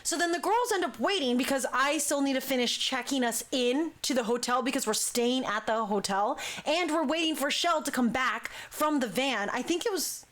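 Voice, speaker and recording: A woman hosting a talk show, telling a story in a lively, casual way and acting out what people said. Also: high voice, normal speed, few pauses. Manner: lively, acts out quoted speech. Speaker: talk show host, dance crew member.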